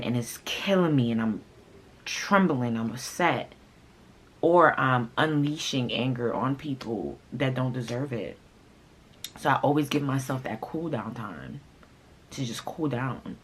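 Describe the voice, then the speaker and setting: A young woman whose first language is Haitian Creole, telling a personal story in a casual, animated way, with sudden loud outbursts and asides to viewers. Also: rumbling low, a little hiss or hum. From Haitian family. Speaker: vlogger.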